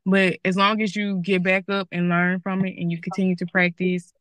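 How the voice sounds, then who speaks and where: Bright-voiced young Southern woman, chatty. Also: lowish voice, flat delivery, normal speed, dry recording. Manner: candid, chatty, lots of "like". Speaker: TV news journalist guest. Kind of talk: school career talk interview.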